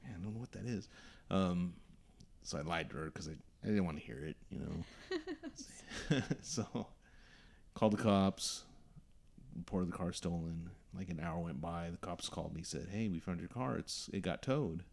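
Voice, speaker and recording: A man's voice: sits low, sing-song, normal speed, gravelly, darkish tone. A young man hosting a podcast, telling a story casually and acting out the voices of the people in it. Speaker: podcast host.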